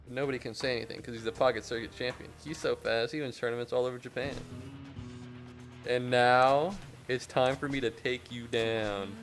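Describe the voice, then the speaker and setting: A man giving casual gameplay commentary, rambling and profane, bursting into excited yelling. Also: medium pitch. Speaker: gaming YouTuber.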